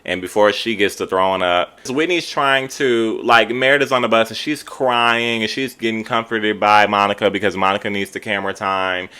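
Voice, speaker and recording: A man giving an animated, gossipy recap of a reality TV episode, full of slang. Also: on the low side, normal speed, few pauses, clear, resonant tone. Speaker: TV show reviewer.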